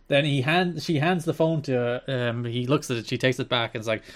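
A man with a medium-pitched voice co-hosting a laid-back podcast. He recaps things in a dry, amused way, with chuckles between points. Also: fairly even intonation, moderate pace. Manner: dry, recounting with laughs. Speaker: podcast co-host. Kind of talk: casual wrestling podcast chat.

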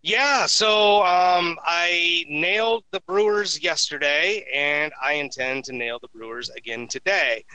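A man co-hosting a sports betting podcast, giving his picks in relaxed casual chat. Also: on the high side, takes it slowly, hardly any pauses, clean tone, no room sound, poor audio.

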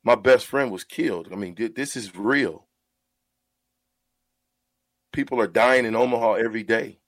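A man's voice: medium pitch, normal speed, no room sound. A man who is a radio show host, talking in an earnest, heartfelt way about mentoring and often repeating his words as he goes.

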